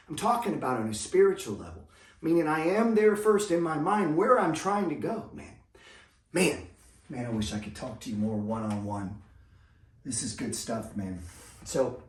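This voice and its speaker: A man's voice: sits high, distant mic. Motivational money guy, blunt and slangy, repeats himself, sounds roomy and off-mic. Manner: emphatic, repetitive, preachy. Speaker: money coach. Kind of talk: motivational monologue. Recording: echoey room, voice off the mic.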